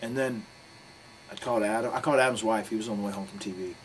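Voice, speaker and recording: A pro wrestler being interviewed tells a rambling, frank, profane story in a quick, lowish voice. The audio is poor, with steady background noise underneath.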